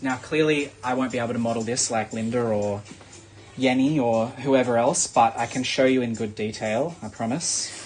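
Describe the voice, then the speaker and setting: Australian male live-sale host, mid-pitched, chatty and filler-heavy, faint music behind. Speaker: live-stream shopping host. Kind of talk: live sales stream chat.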